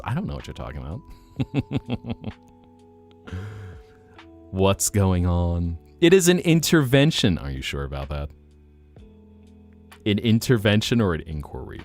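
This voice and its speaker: Playful teasing male streamer, low lively voice. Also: a little slow, long pauses, faint music behind. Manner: playful, teasing, jumps between mock denial and joking. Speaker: VTuber streamer. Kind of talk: casual chat with live chat.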